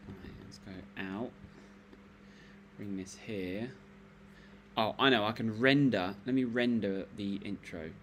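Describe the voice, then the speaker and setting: A man's voice: fairly low pitch, slow pace, pauses often, fairly bright tone, slight background noise. A man hosting a laid-back livestream, chatting to viewers on a laptop mic while he works at his computer. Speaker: livestream host. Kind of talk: casual livestream chat. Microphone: laptop microphone.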